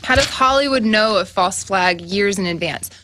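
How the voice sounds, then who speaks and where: A woman's voice: mid-range voice, animated, normal speed, sharp tone, slight background noise. A woman co-hosting a talk show, reading viewer questions in a casual, conversational way.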